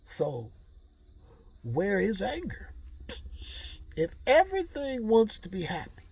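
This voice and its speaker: A man talking through a casual motivational vlog, rambling and slangy as he muses aloud. His voice is gravelly and husky, and his pitch swings widely. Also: huge pitch swings, takes it slowly, darkish tone. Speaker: vlogger.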